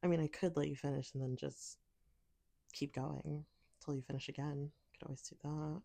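A woman's voice: low-pitched, fairly even intonation, fairly quick, creaky, dark tone. A woman speaking in an intimate audio role-play, teasing and commanding, sometimes dropping to a whisper.

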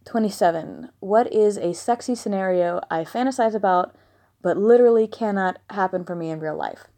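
With a warm, medium-pitched voice at a moderate pace, a Southern American woman works through listener questions in a casual monologue. She answers bluntly and laughs through asides, her dog nearby at home.

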